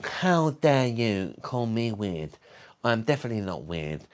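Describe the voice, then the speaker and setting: A man's voice: big pitch swings, clean tone. A man putting on a flamboyant camp voice, an indignant man who insists he is fabulous. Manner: slow, affronted and high.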